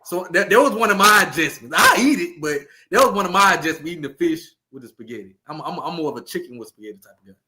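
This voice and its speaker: A young man, chatting casually as a podcast guest, animated and quick to laugh, repeating his lines as he tells stories. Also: on the high side, noisy background. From Louisiana. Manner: animated storyteller, laughs often, repeats himself.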